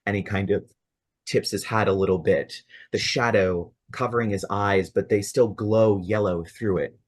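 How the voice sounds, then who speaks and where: A man running a tabletop role-playing game as game master, narrating scenes in a descriptive, measured way. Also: on the low side, fairly even intonation.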